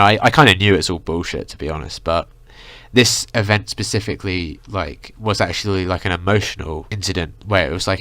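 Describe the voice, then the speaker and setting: A man's voice: fairly low pitch, a bit bright, no echo. A young man in a heated, profane vlog rant, full of "like" and "you know". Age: young adult. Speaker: vlogger. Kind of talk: ranting vlog monologue.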